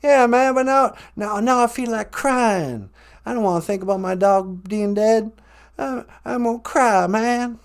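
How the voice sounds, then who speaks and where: A man's voice: sits high, a little slow, clear, resonant tone. A man putting on a folksy, drawling, laid-back ex-president rancher in a comedic podcast chat. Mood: mopey.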